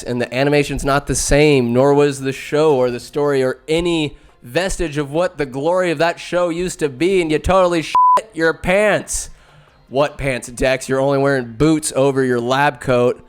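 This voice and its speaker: A man hosting a podcast in rambling, casual commentary. He is excitable, laughs often and swears freely. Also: fairly high pitch, clear, resonant tone. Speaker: podcast host.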